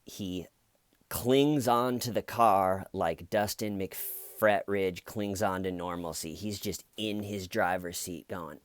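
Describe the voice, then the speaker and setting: Man, low voice, dry close mic, comedic true crime storytelling, animated. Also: slow pace, dry recording. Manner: animated storyteller, acts out quotes. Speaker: channel host.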